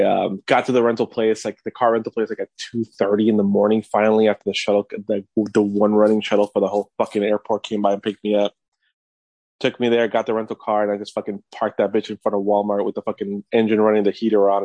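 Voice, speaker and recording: A man co-hosting a casual podcast, telling stories in a profane, animated way. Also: lowish voice, fast talker, no echo. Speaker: podcast co-host.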